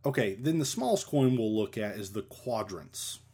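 A man's voice: fairly low pitch, lively intonation, moderate pace, mellow, slightly rough. A man giving a casual, rambling lesson on ancient coins, with many fillers and restarts. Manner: rambling, many fillers, self-deprecating about Latin pronunciation. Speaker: coin collector explaining ancient money.

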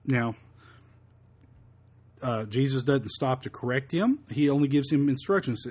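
A man's voice: medium pitch, expressive, a little mellow, slightly rough. A man leading a verse-by-verse Bible study, quoting scripture in old-fashioned wording and often stumbling and repeating words. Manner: halting, repeats words, fills with um and uh. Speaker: Bible teacher.

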